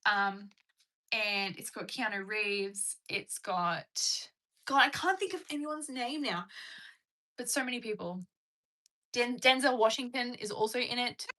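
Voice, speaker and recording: A woman's voice: fairly high pitch, measured pace, sharp tone. A young woman hosting a casual livestream from home, chatting and answering viewer comments. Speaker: livestream host. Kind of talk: casual live-stream chat.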